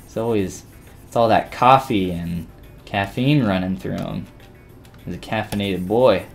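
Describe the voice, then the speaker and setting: A man casually chatting with viewers while he demonstrates 3D sculpting in a live-stream tutorial, relaxed and rambling with frequent restarts. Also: on the low side, a little slow, vocal fry, faint music behind.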